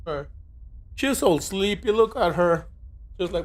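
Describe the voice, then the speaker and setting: A man's voice: a little high, very animated, a little fast, fairly bright tone, slightly rough. A young man chatting casually while streaming a racing game, talking to his viewers and his cat. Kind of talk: casual live-stream commentary.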